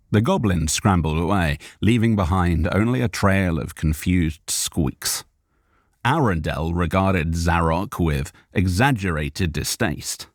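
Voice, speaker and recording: Gravelly, slow male audiobook narrator. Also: low voice, dry recording, clean studio sound. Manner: expressive, careful storytelling. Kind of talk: live audiobook narration with retakes.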